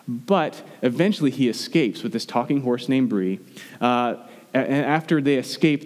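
A medium-pitched, darkish voice belongs to a pastor in his thirties preaching in a hall with long reverb. He talks conversationally, full of fillers and sentences he starts over.

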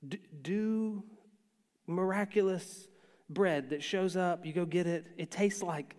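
A man with a drawl preaches in a high voice, talking his sermon through like a conversation and acting out the lines he quotes. The sound is a church sanctuary with a long reverb trailing each phrase. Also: takes it slowly, darkish tone. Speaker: pastor.

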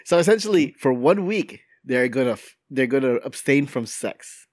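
A man hosting a casual podcast from London, lively and quick to laugh as he reads news stories aloud. His voice rises and falls a lot as he talks, and the sound is close and dry with no room around it. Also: medium pitch, dry recording. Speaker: podcast host.

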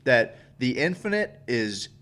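A man's voice: mid-range voice, sing-song, a little slow, a bit bright. A man co-hosting a podcast in casual chat, rambling with frequent restarts and plenty of swearing. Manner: rambling, profane, restarts often. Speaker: podcast co-host.

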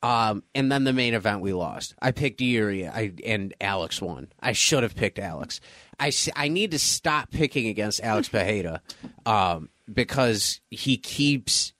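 A man co-hosting a podcast in casual chat, telling a story with animated energy and acting out his friends' voices. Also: on the low side, a little slow, no echo, clean studio sound. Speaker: podcast co-host.

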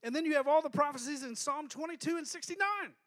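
A male pastor preaching a lively sermon, joking and calling on the congregation to respond. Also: very high voice, fast.

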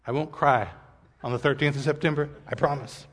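A slightly high male voice, steady in tone, brisk and a bit rough, echoes with big-room sound through a church auditorium. He's a pastor giving a sermon appeal that is earnest, vulnerable, and self-deprecating, and he grows tearful at moments.

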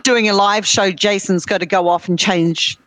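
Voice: medium pitch, fairly even intonation, normal speed, a bit bright, no room sound. A band member in a casual interview, teasing and joking with bandmates.

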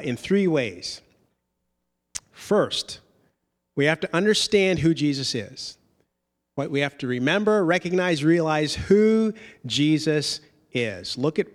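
A man with a somewhat high voice preaches, moving between easy conversational explanation and emphatic stress on key words. His voice carries a long reverb, as if from a large church sanctuary. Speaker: pastor. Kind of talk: sermon.

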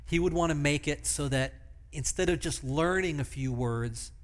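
A man's voice: fairly high pitch, moderate pace. A man preaching a sermon at a church service, leading the congregation in repeating words with playful asides. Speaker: pastor.

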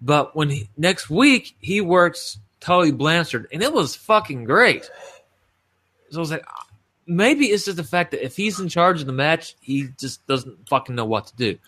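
A man's voice: a little high, expressive, normal speed, bright, forceful tone. A man co-hosting a podcast, giving a blunt, profanity-laced play-by-play recap of old wrestling matches in casual chat. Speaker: podcast co-host.

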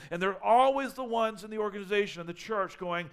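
A man's voice: sits high, fairly quick, hardly any pauses, clean tone. A man preaching a sermon as pastor, earnest and often repeating or restarting his words.

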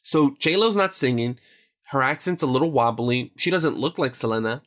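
A man's voice: mid-range voice, normal speed, a bit bright. Rambling, emphatic man discussing a film. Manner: rambling, self-correcting, emphatic. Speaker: podcast co-host.

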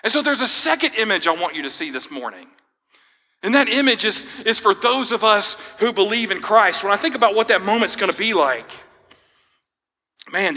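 A man's voice: sits high, pushed and bright, big-room sound. A young man preaching a sermon, telling a personal story in a casual, friendly way. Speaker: pastor.

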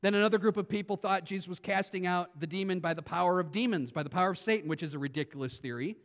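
A man's voice: high voice, fast. A man preaching a sermon as a pastor, speaking emphatically with frequent restarts and reading scripture dramatically aloud.

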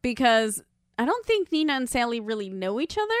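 A woman casually recapping a movie with a friend, animated and laughing as she acts out the scenes. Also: fairly high pitch, brisk, clean tone, dry recording, clean studio sound. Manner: animated retelling with acted quotes and laughs.

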